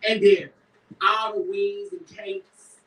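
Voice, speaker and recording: A woman's voice: mid-range voice, fairly even intonation, slow, a bit bright, echoey room, far from the mic, low-quality recording. A woman cast member talking candidly and emotionally about her life, often acting out what others say. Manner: emphatic, emotional, quotes others in put-on voices. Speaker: reality show cast member. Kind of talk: candid confessional chat.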